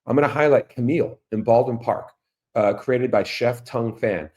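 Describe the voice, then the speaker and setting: A man's voice: medium pitch, normal speed, a little mellow. A middle-aged man from Florida hosting a podcast, talking to listeners in a chatty monologue and throwing them rhetorical questions. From Orlando, Florida. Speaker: podcast host. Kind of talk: casual monologue.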